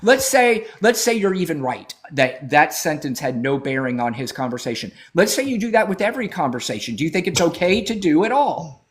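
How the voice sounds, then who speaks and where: A man's voice: a little high, big pitch swings, brisk. A man hosting a live political debate stream, arguing heatedly and profanely with a caller and talking over him.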